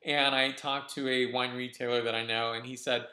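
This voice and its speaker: A man hosting a casual wine review vlog, talking in a relaxed, enthusiastic way with frequent restarts. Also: mid-range voice, normal speed. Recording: roomy echo.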